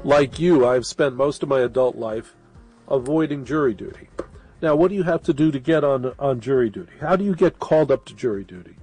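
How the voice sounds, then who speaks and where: A man's voice: mid-range voice, lively intonation, fairly quick, darkish tone, faint music behind. A middle-aged man hosting a late-night radio show, talking to listeners in a rambling, casual monologue while sniffling with a cold. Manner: rambling, conversational, with restarts and asides.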